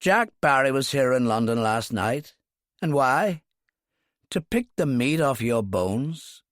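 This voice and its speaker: Male narrator playing a cheeky, cutting Irishman, lively, dry close audiobook read. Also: mid-range voice, slow pace, dry recording, voice pushed up. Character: sardonic Irish man, cheeky and tough.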